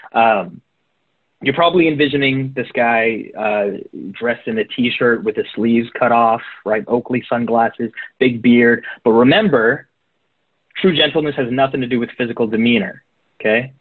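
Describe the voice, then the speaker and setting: A man's voice: mid-range voice, slightly rough. A man preaching a conversational sermon, talking directly to his listeners and walking them through passages. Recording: tinny phone-like recording.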